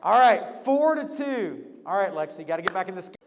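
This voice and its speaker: A man hosting a lively game for a group, upbeat and teasing, laughing often. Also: high voice, fast, long reverb tail, slight background noise. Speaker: youth leader hosting a game.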